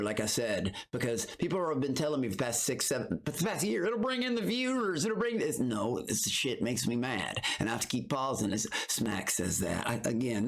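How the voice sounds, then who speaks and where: A man's voice: medium pitch, creaky. Heated, rambling male streamer. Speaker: streamer reacting to recaps. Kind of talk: casual reaction commentary.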